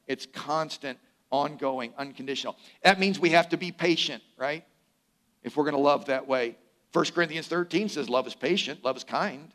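An older man, a pastor, preaching a conversational sermon with humorous asides, sometimes dropping to a soft, slow emphasis on key phrases. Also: on the high side.

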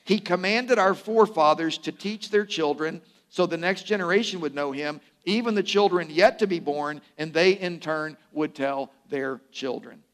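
Older male pastor, slightly high voice, folksy sermon, asides and humor, soft slow emphasis. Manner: conversational preaching with asides and humor; drops to soft, slow emphasis on key phrases.

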